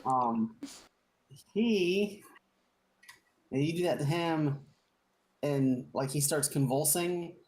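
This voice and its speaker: A man's voice: a little high, slow pace, vocal fry, long pauses, a little mellow. A man running a tabletop game as game master, describing the scene with playful, rambling detail.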